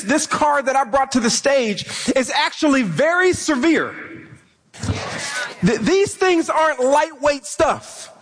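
A young man preaches a sermon in a church sanctuary, his voice unusually high. He grows impassioned and sometimes acts out frustrated pleas to God. A long hall reverb trails each phrase. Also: fairly bright tone. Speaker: pastor.

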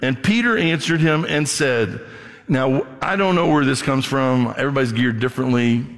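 A pastor with a medium-pitched voice preaches a sermon at a moderate pace, speaking conversationally. He acts out voices from the story and closes in prayer, with the long reverb of a large hall around him.

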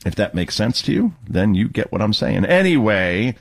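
Man, talk radio host, sarcastic, swooping animated pitch. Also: normal speed, creaky. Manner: sarcastic, mocking asides. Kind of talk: political talk radio commentary.

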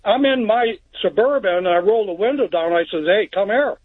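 Male caller on a phone line, high voice, tinny sound, plainspoken and rambling. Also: lively intonation, fairly quick, slightly rough. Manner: plainspoken, rambling storyteller with restarts. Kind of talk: telling a story on a call-in show. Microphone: telephone.

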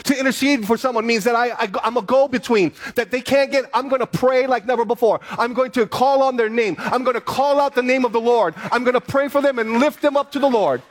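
A man's voice: very high-pitched, a little fast, few pauses. A man preaching a sermon as pastor, earnest and repeating key phrases for emphasis.

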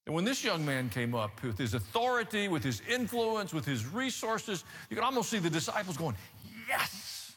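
Forceful preacher in a reverberant hall. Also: male voice, sits high, a little fast, few pauses, a little hiss or hum. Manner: animated, emphatic storytelling with rhetorical asides. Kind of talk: sermon.

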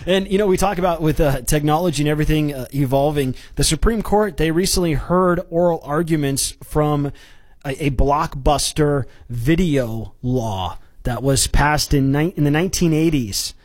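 A man speaks with a voice a little higher than most men's. He hosts a morning radio show and chats loosely with his colleague, often restarting his sentences and wandering off into anecdotes. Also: moderate pace, darkish tone. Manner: rambling, chatty, full of restarts. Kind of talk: radio news chat.

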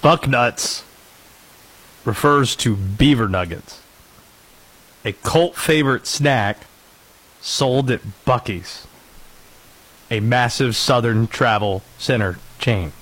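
A man's voice: medium pitch, slow pace, pauses often, fairly bright tone, low-quality recording. A man hosting a sports talk show, joking and playful in casual chat. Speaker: radio show host.

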